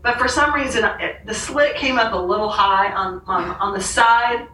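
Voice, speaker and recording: A woman with a bright, forceful voice tells a lively personal story, laughing often and putting on the voices of the people she quotes. She sits a little back from the mic in an echoey room, with faint ambience behind her. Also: a little high, normal speed, far from the mic, slight background noise. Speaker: author and podcast guest. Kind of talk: storytelling in a conversation.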